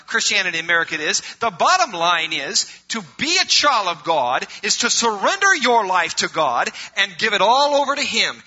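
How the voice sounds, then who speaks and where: A middle-aged male pastor preaching a sermon, swinging from loud emphatic preaching to quiet conversational asides. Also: high voice, slightly rough. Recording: muffled lo-fi recording.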